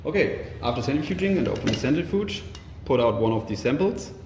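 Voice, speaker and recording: A man giving a live laboratory demonstration, explaining each step in a halting way with many fillers and restarts. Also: mid-range voice, expressive. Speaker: product demonstrator. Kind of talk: live lab demonstration over a video call. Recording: roomy sound with faint noise.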